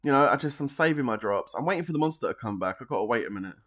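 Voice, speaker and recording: A man's voice: mid-range voice, animated, very fast, fairly bright tone. A man with an English accent from southeast England, chatting casually on a game live stream, rambling, reading out comments and laughing often.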